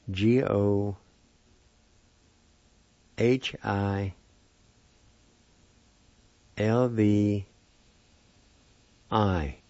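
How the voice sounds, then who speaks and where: A man teaching vocabulary in a patient, slow lesson, sounding out each word syllable by syllable. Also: on the low side, warm tone, no room sound. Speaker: language teacher. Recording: dull lo-fi dry recording.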